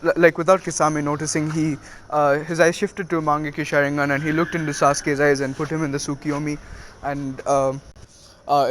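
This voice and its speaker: A man casually retelling a story with many halting fillers. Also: on the high side, slight background noise.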